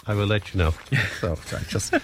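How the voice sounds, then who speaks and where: A man's voice: on the low side, steady tone, moderate pace. A man, co-hosting a show, chatting casually and rambling through a story with frequent chuckles. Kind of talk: casual chat.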